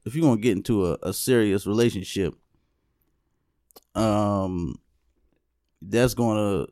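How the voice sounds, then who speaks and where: A man's voice: fairly low pitch, a little slow, dark tone, dry recording, clean studio sound. A young adult man hosting a casual podcast, telling a story in a laid-back way and often asking "you know what I'm saying". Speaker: podcast host.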